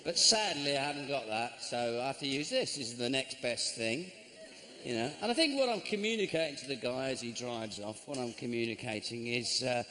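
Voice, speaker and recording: A middle-aged man from England doing a stand-up comedy routine, deadpan and grumbling, breaking into sudden shouts. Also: mid-range voice, a little fast. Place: large theatre stage. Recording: live show with constant audience noise.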